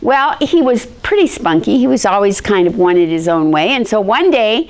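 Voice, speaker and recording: A middle-aged woman teaching a history lesson, telling personal stories in an animated way and acting out the quotes. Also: medium pitch, normal speed. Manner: animated storyteller, acts out quotes in shifting voices.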